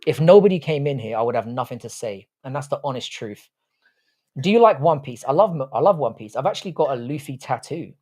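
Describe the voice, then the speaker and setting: A man's voice: mid-range voice, expressive, a little fast, mellow. A man hosting a casual live stream, reading chat comments, talking bluntly with frequent swearing and rambling restarts. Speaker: livestream host.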